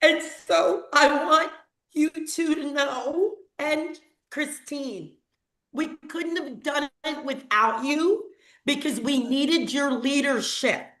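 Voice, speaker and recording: A woman's voice: sits high, slow, a bit bright. A woman on a team video call, earnestly and emotionally thanking the leaders who helped her. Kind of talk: heartfelt talk on a group video call. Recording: echoey room.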